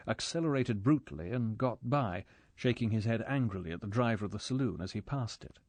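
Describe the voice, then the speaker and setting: A man narrating a spy thriller audiobook in a measured, steady storytelling voice. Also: medium pitch, no echo. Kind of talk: scripted narration.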